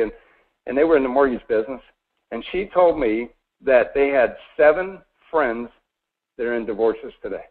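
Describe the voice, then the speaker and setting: A Floridian man in his forties gives a folksy, persuasive mortgage pitch on a conference call, regularly asking listeners questions. His medium-pitched voice moves at normal speed. The audio is tinny, coming through a phone line.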